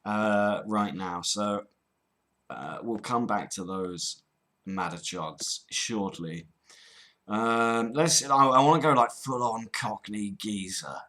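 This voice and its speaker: A man's voice: fairly low pitch, slow, pushed and bright. Chatty young man. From England, near London. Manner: chatty, rambling, self-amused, lots of ums. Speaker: prank-call host. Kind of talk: casual commentary to viewers.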